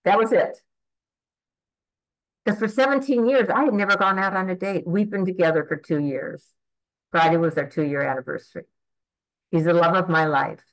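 An eighty-year-old woman tells her own story at a recovery meeting. She speaks in a fairly low voice for a woman, earnest and rambling, and keeps restarting her sentences. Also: moderate pace, pauses often, rough recording. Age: 80s. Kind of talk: personal testimony at a twelve-step meeting.

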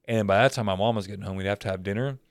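A man's voice: on the low side, very fast, no echo, clean studio sound. Profane young man telling cartoon stories. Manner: profane storyteller doing goofy character voices. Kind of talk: casual chat.

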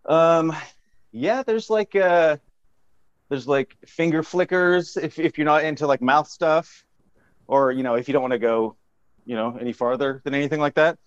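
A man's voice: a little high, moderate pace, smooth. Rambling goofy man on lo-fi audio. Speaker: improvised tech support agent. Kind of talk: improv comedy phone call.

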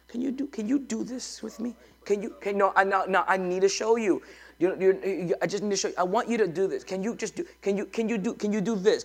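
Male pastor, sermon to a live church crowd, a bit high-pitched with a gravelly edge, emphatic call-and-response delivery. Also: darkish tone. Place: church before a congregation.

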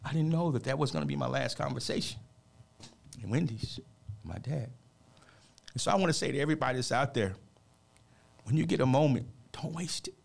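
A man with a gravelly, creaky voice speaking at a middling pitch. He tells a personal story with heartfelt, emphatic earnestness, pressing his points home the way a preacher would. He sounds like a motivational speaker talking on a radio program. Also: a little fast, pauses often.

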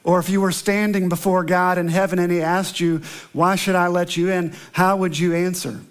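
A male pastor with a notably high speaking voice delivers a sermon, beginning with a prayer. He tells a story earnestly and slows down to press home repeated phrases. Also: little pitch movement, clear, resonant tone. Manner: earnest storytelling, emphatic slow repetitions.

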